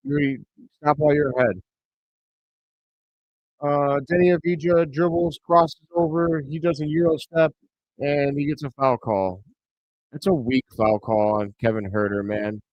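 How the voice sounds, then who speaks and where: Excitable man calling plays on stream. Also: fairly high pitch, measured pace, long pauses, no echo. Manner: bursts into excited shouts on big plays. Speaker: host of a live reaction stream. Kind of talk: play-by-play commentary. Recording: dry, slightly dull home mic.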